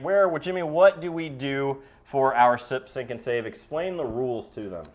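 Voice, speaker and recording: A man's voice: medium pitch, normal speed, few pauses. A man hosting a loose, joking whiskey-tasting podcast, often restarting his sentences. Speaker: podcast host. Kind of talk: casual chat.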